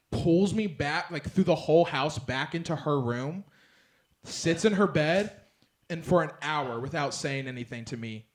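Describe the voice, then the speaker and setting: A young man performing a stand-up set on a club stage, rambling through a story with lots of fillers and bursts of loud acted-out lines. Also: a little high, slight background noise. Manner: rambling storyteller, filler-heavy, swings loud when acting out others. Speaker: stand-up comedian. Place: comedy club stage with laughing audience. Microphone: handheld stage mic.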